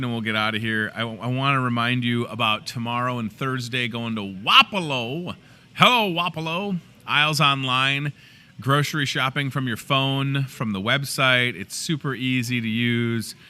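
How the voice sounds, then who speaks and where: A man's voice: medium pitch, steady tone, normal speed, sharp tone, clear, resonant tone. A young man, hosting a store's daily show in a grocery store with a chatty, joking manner. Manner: chatty, playful, joking asides. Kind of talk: casual promotional chat.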